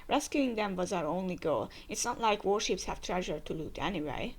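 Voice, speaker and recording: A woman's voice: fairly low pitch, expressive, normal speed. A woman voicing hearty old male giants as she reads a comic aloud, keeping close to her own voice.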